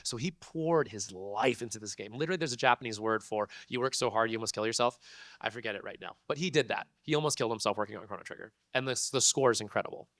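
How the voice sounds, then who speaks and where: A man, a convention panel guest, telling a story to an audience in an animated, laughing way full of slang. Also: lowish voice, quick pace, no echo, studio quality.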